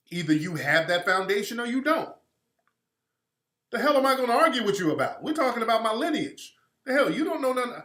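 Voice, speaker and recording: A man's voice: sits high, fairly bright tone, reverberant. A man hosting a livestream, talking in an emphatic, rhetorical way that is full of profanity. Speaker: livestream host. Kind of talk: livestream monologue.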